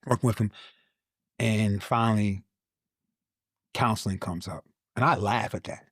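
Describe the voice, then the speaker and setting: A man telling a personal faith testimony in a casual conversation, animated, repeating words, and acting out his own past lines. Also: fairly low pitch, a little slow, slightly rough, dry recording, studio quality. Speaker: guest, Army veteran.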